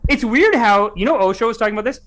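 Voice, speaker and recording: A man co-hosting a podcast in casual, animated chat, laughing often and swearing freely. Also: sits high, quick pace. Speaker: podcast co-host.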